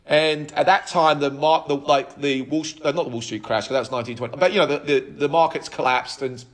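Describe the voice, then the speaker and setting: A man in his thirties, a podcast guest telling his life story in an animated way, with frequent restarts. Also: a little high, a little fast. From United Kingdom. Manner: animated, acts out quoted dialogue, frequent restarts. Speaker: podcast guest, app co-founder.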